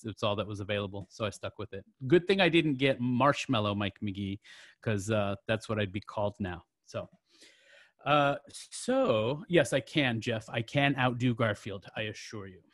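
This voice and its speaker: A man's voice: on the low side, fairly bright tone, no room sound. A man hosting a poetry open mic over a video call, chatty and joking, with many fillers and restarts.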